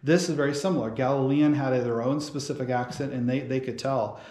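A man's voice: mid-range voice, fairly even intonation, fairly quick, mellow. A man teaching a casual Bible study sermon in a church, rambling with many fillers and restarts. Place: church hall. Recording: roomy church hall sound.

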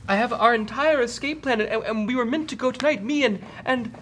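A man's voice: very high-pitched, fairly quick, fairly bright tone, a little hiss or hum, pitched above the performer's own voice. A man doing a frail stammering orc runt. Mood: pleading. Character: frail runt male orc prisoner, timid and pleading.

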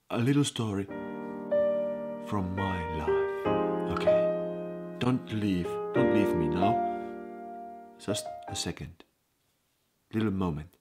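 A man's voice: fairly low pitch, slightly rough. A man from eastern Finland with a Finnish accent, giving a playful, joking video lesson recorded on an action camera mic. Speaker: language teacher vlogger.

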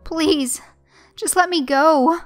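A woman voicing a terrified young woman held captive, crying out high and loud. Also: drawn-out words. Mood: panicked. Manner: high, loud, desperate cries.

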